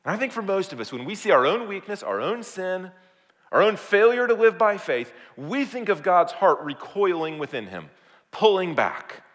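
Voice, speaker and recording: Animated preacher in a reverberant hall. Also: male voice, high-pitched, normal speed. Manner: animated preaching, swings from loud to hushed. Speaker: pastor. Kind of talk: sermon.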